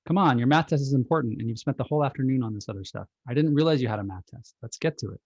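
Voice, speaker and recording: A worried parent gives firm instructions about homework, as a man acts out the role. The voice is a little husky. The sound is dry and dull, like a lo-fi video call. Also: medium pitch, racing, a little mellow, no room sound, natural voice. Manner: edgy then firm, instructing.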